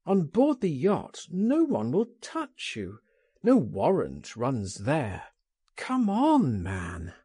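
A man's voice: a little high, wildly swooping pitch, slow, warm tone, husky, dry recording, clean studio sound, exaggerated voice. A man reading an audiobook, voicing a bold, impatient man who insistently urges his friend. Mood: urging. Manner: insistent, persuasive.

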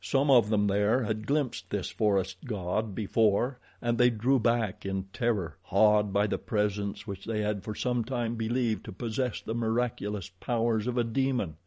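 A man reading an adventure story aloud in a measured, dramatic storytelling manner. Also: fairly low pitch, steady tone, dark tone. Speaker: audiobook narrator. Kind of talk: scripted narration.

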